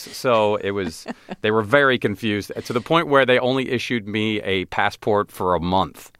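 A man, an actor guest on an interview show, telling animated, self-deprecating stories and acting out other people's lines. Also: on the low side, normal speed, clear, resonant tone, no echo. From United States. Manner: animated, self-deprecating, acts out quoted voices. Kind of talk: casual interview storytelling.

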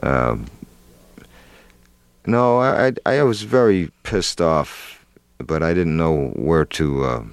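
A middle-aged actor telling an interviewer a candid story, halting with fillers and restarts. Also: male voice, extremely low pitch, expressive, gravelly, smooth, dry recording. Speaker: actor guest.

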